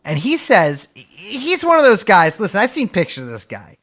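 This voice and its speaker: A man's voice: high-pitched, wildly swooping pitch, moderate pace, fairly bright tone. A man co-hosting a podcast, talking casually with a sardonic, swearing edge. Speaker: podcast co-host.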